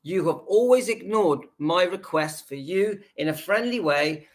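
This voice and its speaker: Indignant high-voiced man ranting. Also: animated, measured pace. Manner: indignant, emphatic, repeats himself. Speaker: YouTube channel host. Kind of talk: ranting reaction video.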